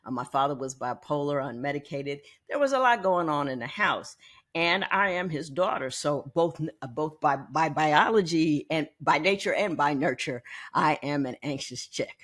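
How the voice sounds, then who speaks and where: A woman in her sixties hosting a podcast, telling a personal story in a candid, animated way and often repeating words as she thinks. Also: low-pitched. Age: 60s. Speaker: podcast host.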